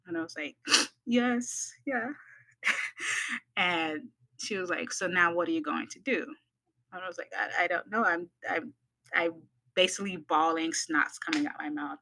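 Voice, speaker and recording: A woman from the United States, a midwifery student, shares a personal story on a podcast, animatedly voicing the people she quotes. Her voice is low, and the recording is rough.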